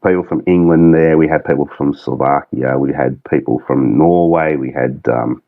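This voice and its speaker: A man's voice: very deep voice, moderate pace, no room sound, phone-quality sound. A man with a thick Australian accent, chatting as a podcast guest in a rambling, laid-back way. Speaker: guest, game mod creative director. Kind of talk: casual podcast chat.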